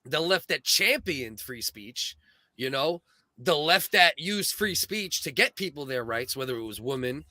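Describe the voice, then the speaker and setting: A man's voice: a little high, expressive, unhurried, sharp tone, dry recording, studio quality. A man co-hosting a casual chat, earnest and rambling, with many restarts. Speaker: podcast co-host.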